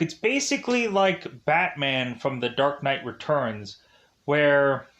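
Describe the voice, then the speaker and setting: A man's voice: fairly high pitch, a bit bright. A man giving a casual movie review, rambling and digressive, with constant fillers like "like" and "uh". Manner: rambling and digressive, heavy use of "like" and "uh".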